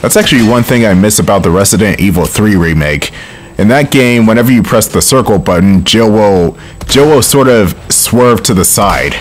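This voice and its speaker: A man's voice: on the low side, lively intonation, faint music behind. A man commenting on his gameplay in a casual, wry way, swearing often, recording from home. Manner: wry, swears often, quick bursts of frustration. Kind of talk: casual let's play commentary.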